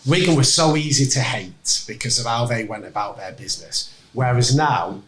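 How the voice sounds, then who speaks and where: A man making a measured point in casual podcast chat. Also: mid-range voice, echoey room, a crowd in the background, low-quality recording. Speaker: podcast co-host.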